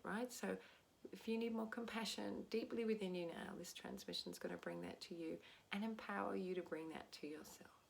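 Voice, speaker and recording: An Australian woman giving a soft, gentle spiritual talk as a teacher. She often checks in with "right?". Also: medium pitch, gravelly.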